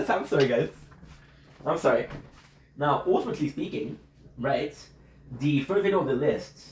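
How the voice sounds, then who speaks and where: A man's voice: fairly high pitch, a little mellow. A young man hosting his channel, talking in a rambling, meandering way to his viewers, swearing freely and tagging "right?" onto his thoughts. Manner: meandering, profane, keeps asking "right?". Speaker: channel host. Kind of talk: rambling casual monologue to viewers. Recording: echoey room, faint hiss.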